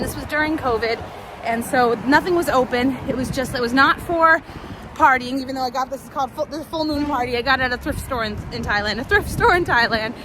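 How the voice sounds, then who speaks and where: Loud traffic and street noise surround a woman vlogger as she walks and tells a lengthy story from her own life. Her high voice meanders casually, full of ums and restarts.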